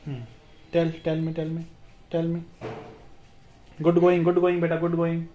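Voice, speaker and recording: A man's voice: on the high side, monotone, measured pace, phone-quality sound. A young man with an Indian English accent hosting a casual vlog, eager and encouraging, repeating himself often. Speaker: vlog host.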